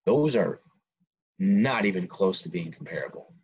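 A man's voice: deep voice, animated, moderate pace, a little mellow, husky. A man around twenty, co-hosting a casual podcast, ranting his opinions heatedly with frequent restarts. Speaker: podcast co-host. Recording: dull lo-fi sound.

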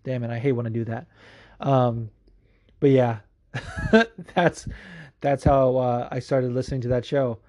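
A man hosting a podcast from home, telling stories excitedly and swearing freely in casual chat. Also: mid-range voice, a little slow, long pauses. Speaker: podcast host.

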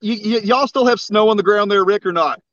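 A man with a slight Southern drawl and a rather high voice, easygoing and joking as he chats in from out on a boat. His audio is dry and dull, like a low-fidelity remote link. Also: a bit bright, no room sound. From West Texas. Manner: easygoing, joking, drawn-out talk. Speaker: call-in guest. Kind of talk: casual chat. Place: outdoors on a boat.

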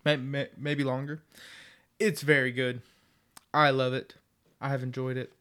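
Slow-talking jokey man. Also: mid-range voice, flat delivery, bright, forceful tone. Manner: jokey, spells words out, teasing. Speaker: podcast co-host. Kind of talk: casual chat.

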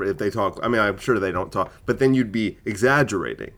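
A man's voice: lowish voice, animated, fast, hardly any pauses, fairly bright tone. Argumentative male comedian ranting solo. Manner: argumentative, rhetorical questions, many fillers. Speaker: comedian and podcast host. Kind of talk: opinionated solo podcast monologue.

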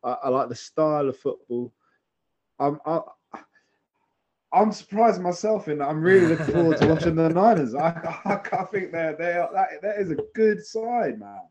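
A man chatting casually about football as a podcast co-host, enthusiastic and halting, full of restarts. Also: a little high, animated, lo-fi sound, crowd noise. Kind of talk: casual sports chat.

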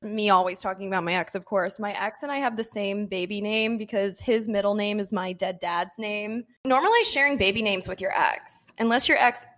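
A woman's voice: medium pitch, a little fast, hardly any pauses. A young woman co-hosting a podcast, telling a dating story in casual chat, acting out what people said and laughing often. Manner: animated, quotes people in her own voice, laughs often. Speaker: podcast co-host.

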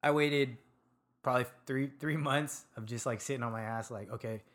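A young man from Sacramento, a podcast guest casually telling stories about his life, laid-back and quick to laugh and swear. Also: mid-range voice, a bit bright. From Sacramento, California. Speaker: podcast guest, food truck owner. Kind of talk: casual storytelling chat.

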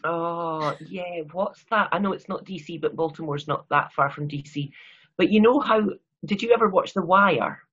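A Scottish woman talks in a loose, self-mocking ramble, full of restarts and asides. Her voice is a little husky and the recording sounds dull and lo-fi. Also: fairly low pitch, moderate pace, a bit bright. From Scotland. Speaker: guest author. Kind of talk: casual interview chat.

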